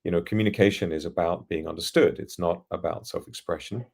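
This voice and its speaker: Middle-aged English man, posh trained accent, very low gravelly voice, articulate anecdotal podcast guest. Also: fast talker, a little mellow. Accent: standard English, trained by acting lessons. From England, East London. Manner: articulate, reflective, anecdotal, laughs now and then. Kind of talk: casual storytelling in an interview.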